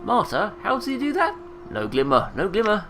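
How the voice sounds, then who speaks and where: A sour old hag in a fantasy game who mumbles in a high sing-song and keeps answering herself, put on by a man. Her voice is loud and gravelly. She lumbers along, half-deaf and cranky. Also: huge pitch swings, normal speed, slight background noise, heavily acted. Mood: muttering. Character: shrieking old female ghoulish seamstress, muttering.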